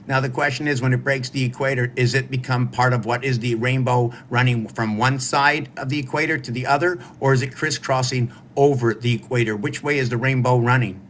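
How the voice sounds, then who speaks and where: A man's voice: mid-range voice, steady tone, brisk, few pauses, a bit bright, slight background noise. A man hosting a solo livestream, musing aloud in a wandering way and talking to his viewers. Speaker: livestream host. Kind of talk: rambling solo livestream talk.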